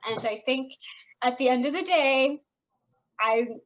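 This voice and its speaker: Woman, high voice, tearful, earnest and emotional, casual podcast chat. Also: takes it slowly, pauses often, low-quality recording. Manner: earnest, emotional, talks through tears. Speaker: podcast co-host.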